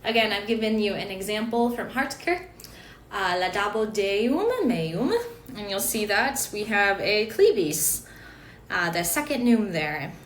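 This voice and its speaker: A woman's voice: medium pitch, echoey room, a little hiss or hum. A woman giving an online lesson on chant notation, explaining patiently with fillers and small asides. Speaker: chant teacher.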